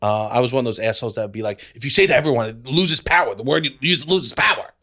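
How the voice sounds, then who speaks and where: A man's voice: medium pitch, quick pace, pushed and bright. A young man, a comedian co-host, chatting in a playful, giggly, goofy way. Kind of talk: casual comedy chat.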